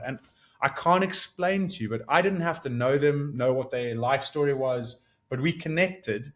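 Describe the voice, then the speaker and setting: A man in his thirties talks through his ideas alone on his podcast, earnest and searching. His voice climbs when he gets excited and settles back down as he reflects. He often restarts his sentences while he works out what he means. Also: medium pitch, moderate pace. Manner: earnest, animated, rising with excitement, thinks aloud with restarts. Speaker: podcast host. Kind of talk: solo reflective podcast monologue.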